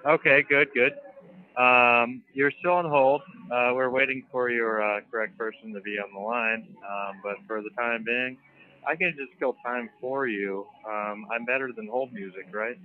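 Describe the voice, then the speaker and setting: A man's voice: medium pitch, fairly even intonation, unhurried. A man working at a club, answering the phone politely and stalling with lots of fillers. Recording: tinny phone line.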